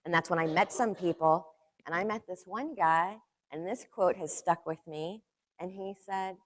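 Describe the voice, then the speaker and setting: A woman's voice: fairly low pitch, normal speed. A woman reporter gives a casual, anecdotal talk to students, chatty and loose, full of "like" and "you know". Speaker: magazine reporter speaking to students.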